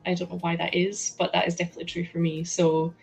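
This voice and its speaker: A woman's voice: lowish voice, quick pace, gravelly, soft background music. A woman with a Scottish accent hosting a casual livestream, chatting bubbly with viewers and laughing often. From Scotland. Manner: bubbly, laughs often, greets chat excitedly. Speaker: livestream host. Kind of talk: casual livestream chat while building.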